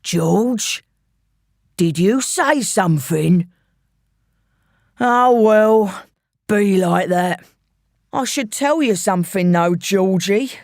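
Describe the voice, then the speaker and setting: A woman voicing a menacing male gangster with a London accent, taunting in a slow, mocking drawl. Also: mid-range voice, expressive, a little mellow, no room sound, studio quality.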